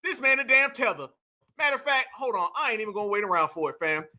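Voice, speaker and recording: A very high-pitched man with a sharp, forceful tone hosts a reaction commentary. He talks in loud, mocking slang and often breaks into shouts as he tears into a clip. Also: fast. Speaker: commentary host reacting to clips.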